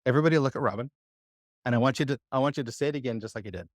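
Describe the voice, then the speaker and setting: Male teacher, mid-pitched, patient, quizzes the room, dry close sound. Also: rapid-fire, no room sound. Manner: patient, quizzes the class, many "uh" fillers. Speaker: Bible Hebrew teacher. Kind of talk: live classroom lesson. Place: church class room.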